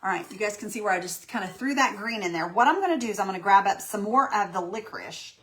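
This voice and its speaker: A woman's voice: mid-range voice, expressive, fast, a bit bright. A woman hosting a casual live painting tutorial, folksy and chatty, greeting viewers by name and talking herself through each step. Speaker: craft livestream host.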